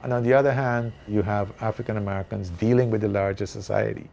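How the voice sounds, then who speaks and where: Gravelly man, measured and analytical. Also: fairly low pitch, steady tone, a little mellow, slight background noise. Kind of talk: analytical interview talk.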